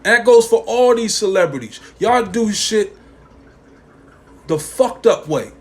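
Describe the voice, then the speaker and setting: A man's voice: high voice, lively intonation, unhurried. Fired-up slangy man ranting. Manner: emphatic, profane, repeats lines for emphasis; slangy street talk. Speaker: podcast host. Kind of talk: opinionated podcast rant.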